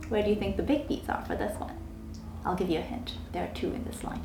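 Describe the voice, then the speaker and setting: A woman researcher speaking slowly and encouragingly while testing a child. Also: mid-range voice, lively intonation, dark tone, faint music behind. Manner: slow, encouraging, coaxing. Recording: echoey room.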